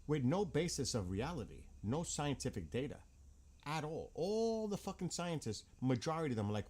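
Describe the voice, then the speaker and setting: A man's voice: on the high side, sing-song, normal speed, a little mellow. A man ranting bluntly about politics in a casual vlog, heated and swearing often. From United States. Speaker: vlogger.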